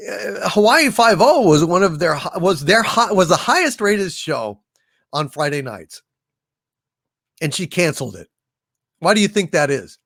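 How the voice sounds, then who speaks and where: High-voiced man hosting a slow live stream. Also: a bit bright, dry recording, clean studio sound. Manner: rambling, with frequent filler hesitations. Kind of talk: casual live stream chat reading super chats.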